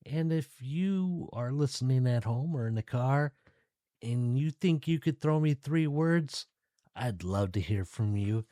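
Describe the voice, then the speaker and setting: A male podcast host talks alone to his audience in a casual, relaxed, chatty way. His voice is warm and dark, and his pace is unhurried. The recording is dry and close. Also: medium pitch, no room sound. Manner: relaxed, chatty, addresses listeners directly. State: tired, yawning. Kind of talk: casual solo podcast talk.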